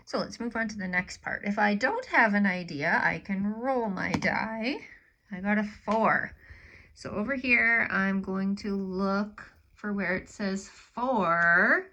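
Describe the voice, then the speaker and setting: A woman teacher giving a gentle lesson to children, dropping into soft whispers while she draws. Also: mid-range voice, animated, unhurried, rough recording.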